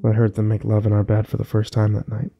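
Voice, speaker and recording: A man narrating a first-person horror story slowly and wistfully, with small restarts. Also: fairly low pitch, completely flat delivery, creaky, dull audio, soft background music.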